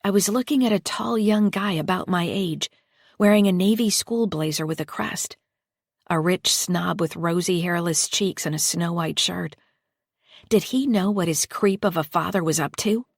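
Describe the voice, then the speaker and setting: A woman narrating a first-person psychological thriller audiobook in a measured, deliberate reading. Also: lowish voice, gravelly, dry recording, studio quality. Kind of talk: scripted narration.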